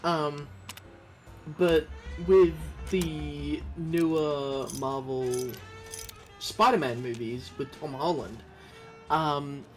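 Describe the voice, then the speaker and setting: A man's voice: on the high side, extremely slow, soft background music. A young man chatting casually on a game stream, rambling with many fillers. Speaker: co-player guest on a game stream. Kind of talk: casual gaming chat.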